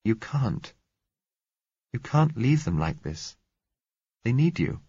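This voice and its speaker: A man's voice: mid-range voice, big pitch swings, takes it slowly, creaky, warm tone, breathy edge, no echo, voice pushed up, heavily acted. A man voicing an earnest, faltering eighteen-year-old blind young woman in a story reading. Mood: pleading. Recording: dull lo-fi recording.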